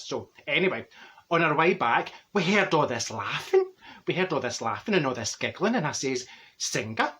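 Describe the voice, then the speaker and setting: A man's voice: on the high side, fairly bright tone. A man voicing a chatty, straight-talking older woman from Glasgow in a Glaswegian accent, rambling and laughing through her comic stories. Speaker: comedy character. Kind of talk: comic monologue to camera.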